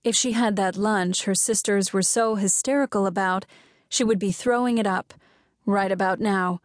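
A woman narrating a contemporary romance audiobook in a measured storytelling voice. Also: medium pitch, no echo, clean studio sound. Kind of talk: scripted narration.

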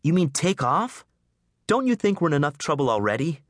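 A man's voice: on the high side, big pitch swings, brisk, no room sound, pitched above the performer's own voice. A worn-out teenage boy, as a male reader puts him on, breathless and anxious. His voice sits well above the reader's own, swings up and down a lot, and sounds close and dry. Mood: panicked, guilty.

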